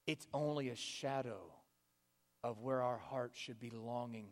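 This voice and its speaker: A man's voice: mid-range voice, measured pace. Impassioned preacher man in a reverberant hall. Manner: impassioned, swinging from loud urging to hushed near-whispers. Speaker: pastor. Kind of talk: sermon.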